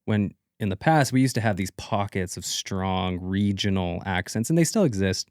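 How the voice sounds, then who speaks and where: A man's voice: low-pitched, animated, moderate pace, darkish tone, no room sound, clean studio sound. A man co-hosting a podcast, asking questions and explaining things in a casual, conversational way. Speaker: podcast co-host.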